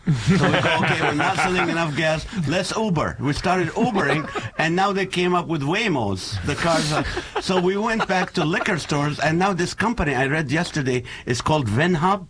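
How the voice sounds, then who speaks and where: A middle-aged man whose first language is Arabic, a comedian guest telling animated stories and laughing often in casual interview chat. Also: a little high, normal speed, few pauses, background noise. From Middle East.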